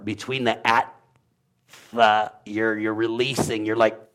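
A man's voice: on the low side, flat delivery, slow pace, a bit bright. A man in casual conversation explaining how letters should sound, demonstrating syllables and rambling between examples. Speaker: guest explaining Hebrew pronunciation. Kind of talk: casual teaching talk.

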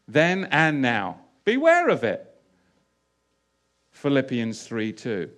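A man preaching a sermon, mixing loud emphatic bursts with quieter scripture reading, full of rhetorical questions and repeated phrases. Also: fairly high pitch, wildly swooping pitch, slow pace.

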